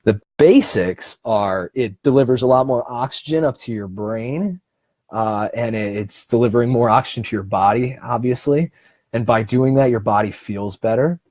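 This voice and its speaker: Mellow-voiced man giving a casual breathing seminar. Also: medium pitch, no echo. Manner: conversational and encouraging, with frequent restarts and slow, deliberate stretches. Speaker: self-help speaker.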